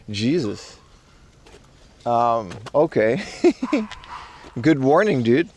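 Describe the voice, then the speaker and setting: A man's voice: on the low side, a little slow, a little mellow. A man streaming live from a park, chatting casually and reading out chat with loose, slangy rambling. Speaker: IRL streamer. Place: outdoors in a park in Japan.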